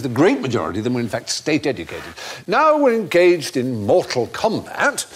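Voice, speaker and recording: A man's voice: medium pitch, breathy edge. A man hosting a comedy panel quiz, putting questions to the panel and explaining the answers with erudition. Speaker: quiz show host. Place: TV studio before an audience.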